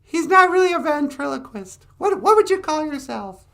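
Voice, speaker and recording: A man doing Natasha, a shrill sassy dummy girl. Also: animated, moderate pace, vocal fry, fairly bright tone, exaggerated voice. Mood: teasing. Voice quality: shrill, squeaky. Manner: bossy, teasing.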